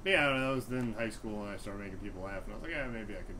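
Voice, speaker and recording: Self-deprecating young comic rambling casually. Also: male voice, on the low side, rapid-fire, sharp tone, slight background noise, low-quality recording. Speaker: stand-up comic, guest. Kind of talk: casual interview chat.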